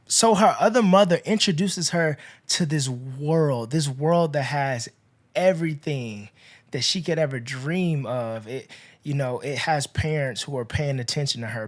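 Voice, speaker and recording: A man hosting a podcast, casually retelling a movie's plot in a chatty, rambling way, full of "you know" and "like", with his voice rising and dropping in loudness. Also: medium pitch. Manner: chatty, filler-heavy storytelling with swings in loudness. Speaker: podcast host.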